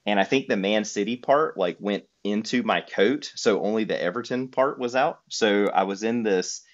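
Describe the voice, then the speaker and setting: Guy telling a travel story, lots of ums, very deep voice. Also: normal speed, muffled recording. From United States. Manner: rambling storytelling with many fillers. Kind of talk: casual conversation.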